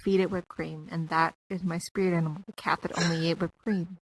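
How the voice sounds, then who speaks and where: A woman's voice: fairly low pitch, flat delivery, a little fast, dry recording, poor audio. A woman hosting a casual podcast chat, joking and swearing freely.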